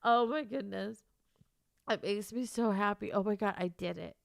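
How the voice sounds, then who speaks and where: A woman's voice: medium pitch, normal speed, vocal fry, dry recording, studio quality. A woman streamer chatting casually with her viewers, emotional and teary, laughing and rambling as she talks. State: teary, crying on and off. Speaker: streamer and author. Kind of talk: casual live-stream chat.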